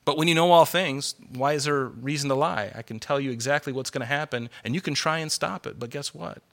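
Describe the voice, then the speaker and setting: Pastor guy preaching, real fired up and chatty, bright punchy voice, kinda high for a man. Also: brisk, vocal fry. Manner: fervent, worked up, conversational. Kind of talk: sermon. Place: church hall with congregation.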